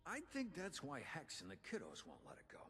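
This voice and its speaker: A folksy old union inventor. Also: male voice, on the high side, wildly swooping pitch, moderate pace, fairly bright tone, husky, big-room sound, full character voice. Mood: somber. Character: gruff older male union inventor and quartermaster. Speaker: game character giving quest dialogue.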